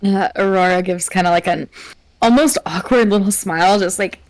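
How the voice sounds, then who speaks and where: A woman playing a tabletop game, describing her character in a slow, awkward, hesitant way. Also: medium pitch, no echo, poor audio. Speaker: player.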